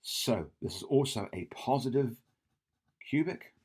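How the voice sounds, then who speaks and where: This man's mid-range voice is husky and darkish, with lively intonation and an unhurried pace. He's tutoring math, sketching on a whiteboard through an exam question while he reasons aloud, self-corrects, and checks in with "yeah?".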